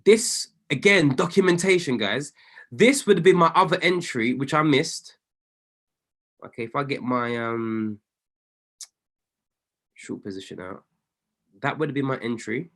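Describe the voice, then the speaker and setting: Man, trading coach, casual screen commentary, animated swinging pitch, excitable, quick to correct himself. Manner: excitable, self-correcting, apologizes often. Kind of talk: casual commentary while reviewing trades on screen.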